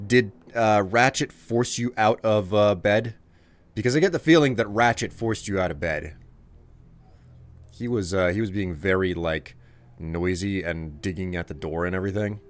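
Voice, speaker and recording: A man's voice: fairly low pitch, normal speed. A man streaming a game live, chatting casually with viewers, thanking them for gifts and sounding exasperated at their requests.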